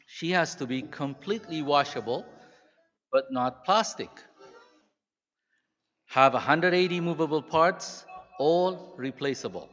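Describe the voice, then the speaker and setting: A man's voice: on the high side, expressive, unhurried, pauses often, a bit bright, faint music behind. A man voicing God as an eager, proud male Creator, read in a dull recording with a long hall echo. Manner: earnest, eager.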